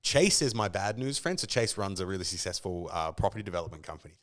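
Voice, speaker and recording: A man's voice: low-pitched, fast. An Australian man talking as a podcast guest in casual chat, telling stories animatedly and acting out other people's lines. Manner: animated storyteller who acts out quoted voices.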